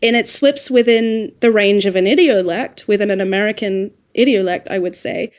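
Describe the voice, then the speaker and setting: An Australian woman, an audiobook narrator and dialect coach, chatting casually on a podcast with lively asides and quick self-corrections. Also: mid-range voice.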